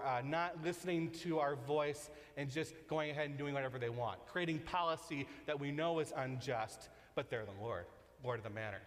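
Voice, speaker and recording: Male pastor, slightly higher voice, conversational sermon with lively peaks and quiet intimate passages, long church reverb. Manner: conversational preaching, shifts from lively emphasis to soft, slow intimacy. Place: church sanctuary.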